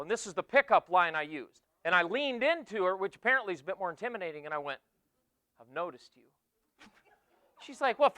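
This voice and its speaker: A man in his forties giving an energetic motivational keynote talk to students, joking and teasing the crowd, swinging from loud bursts to hushed asides. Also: very high voice, smooth, dry recording. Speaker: keynote speaker. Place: conference hall with a student audience.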